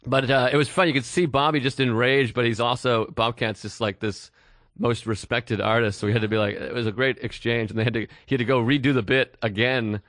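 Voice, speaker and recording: A man hosting a podcast, rattling off stories at a quick clip and acting out everyone's lines with loose, profane energy. The sound is close and dry, with no room around it. His pitch sits in an ordinary middle range. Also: dry recording. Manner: animated, swears freely, acts out quotes. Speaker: podcast co-host. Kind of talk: casual storytelling chat.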